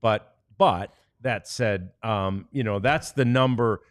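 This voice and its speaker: A man's voice: on the low side, slow pace, no echo, studio quality. A man from the United States hosting a sports podcast, chatting easily with many fillers and reading ads. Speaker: podcast host. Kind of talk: casual sports podcast chat, ad reads.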